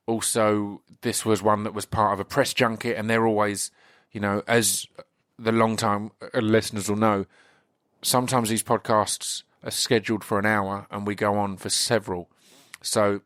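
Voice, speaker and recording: A man with an English accent hosting a podcast, his voice slightly croaky, chatting casually in a rambling way with many restarts. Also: fairly low pitch, a bit bright, dry recording, clean studio sound. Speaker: podcast host. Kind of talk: casual solo intro.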